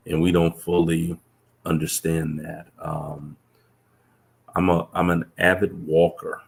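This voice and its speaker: In a relaxed conversation, a guest professor earnestly relates reflective stories, often backing up to restart. He speaks slowly in a level tone with a deep, gravelly voice.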